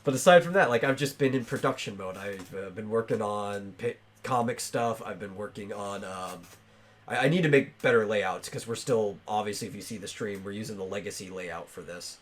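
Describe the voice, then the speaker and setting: A man's voice: fairly low pitch, brisk. A man hosting a casual podcast, talking loosely with lots of fillers and restarts. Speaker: podcast host.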